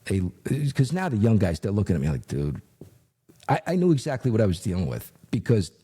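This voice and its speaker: A middle-aged man with a low, dark and husky voice tells a story from his working years. His talk is casual and animated, full of fillers. He acts out the lines of the people in the story. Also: a little fast. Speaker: retired investigator, guest.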